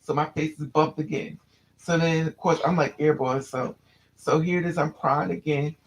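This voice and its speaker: Gravelly man telling a personal story. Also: on the high side, fairly even intonation, normal speed, a little hiss or hum, poor audio. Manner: candid, restless, repeats and restarts phrases.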